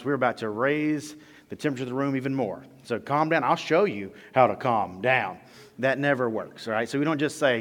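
A man preaching a sermon in a relaxed, conversational way, acting out bits of everyday dialogue. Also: medium pitch. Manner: conversational, with playful mock quotes of dialogue. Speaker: pastor. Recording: long reverb of a large hall.

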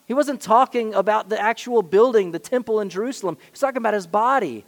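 Pastor, male, high-pitched, emphatic sermon delivery with big dynamic swings, reverberant hall sound. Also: fairly quick. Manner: emphatic preaching with sharp swings in loudness.

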